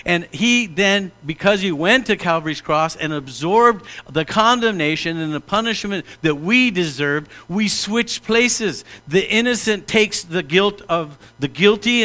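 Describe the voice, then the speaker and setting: A middle-aged man preaching a sermon as pastor, animated and direct, slipping into mock-pompous prayer voices to make a point. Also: high voice.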